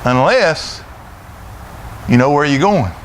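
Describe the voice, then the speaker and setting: A middle-aged man with a Southern US accent preaching a sermon in a church, folksy and loud, often repeating his words as he goes. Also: on the high side, animated, slow, a little hiss or hum. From Florida, USA. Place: church sanctuary.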